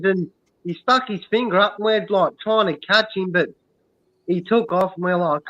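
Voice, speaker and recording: High bright-voiced Australian man rambling. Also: normal speed, slight background noise. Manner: rambling, many "um" and "right?". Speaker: stream co-host. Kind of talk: casual storytelling. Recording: dull lo-fi sound.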